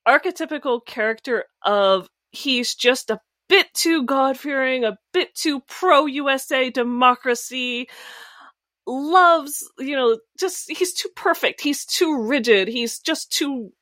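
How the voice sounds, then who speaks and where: A woman's voice: high-pitched, slow pace, no room sound, studio quality. Laughing American woman podcast co-host. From United States. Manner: animated, laughs often, talks in bursts. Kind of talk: casual chat.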